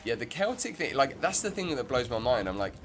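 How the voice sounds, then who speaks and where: A man's voice: mid-range voice, big pitch swings, a little fast, fairly bright tone. A man giving rambling, chatty commentary while streaming a game. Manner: rambling, self-interrupting, chatty. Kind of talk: casual gameplay commentary.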